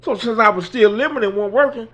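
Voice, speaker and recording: A man's voice: high-pitched, quick pace, a bit bright. A man in his sixties rambling through a personal story in a casual, folksy way, quoting himself and others. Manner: rambling, folksy, quotes people with "I say". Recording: dull lo-fi recording.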